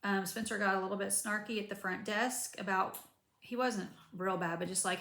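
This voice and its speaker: A woman's voice: medium pitch, normal speed, creaky, reverberant. A woman, chatting casually to camera about her recovery after surgery, rambling with lots of asides. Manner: chatty, rambling, animated retelling with many asides. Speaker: vlogger.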